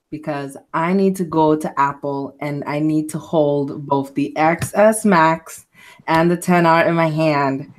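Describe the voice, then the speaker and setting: A woman co-hosting a tech live stream, chatting casually and playfully. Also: deep voice. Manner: playful and talkative, laughs easily. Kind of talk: casual chat.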